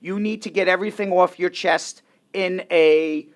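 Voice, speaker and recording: A middle-aged man with a fairly high voice hosts a live radio call-in. He is firm and to the point with callers. Between calls he slips into easy, joking banter with his co-host. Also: fairly even intonation, normal speed. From New York. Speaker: radio show host, immigration lawyer.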